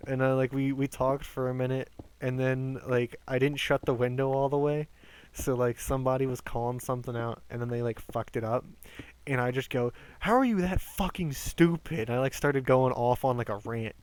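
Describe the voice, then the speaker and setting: A man in his twenties telling rambling work stories on a game stream, animated, swearing often and stumbling over restarts. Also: medium pitch, a little fast, smooth, dry recording. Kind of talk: casual storytelling while gaming.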